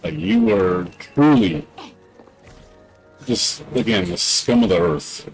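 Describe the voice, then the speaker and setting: A man's voice: fairly low pitch, sing-song, takes it slowly, soft background music, low-quality recording. A man streaming a game, ranting indignantly in casual talk, repeating himself with many fillers. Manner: indignant, repetitive, many "you know" fillers. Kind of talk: casual rant during a livestream.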